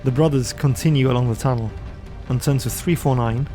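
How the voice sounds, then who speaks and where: A man's voice: mid-range voice, fairly quick, dark tone, faint music behind. A man co-hosting a podcast, narrating a gamebook adventure in a storytelling manner. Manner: storytelling, light laughs between sections. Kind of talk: narrating a gamebook play-through.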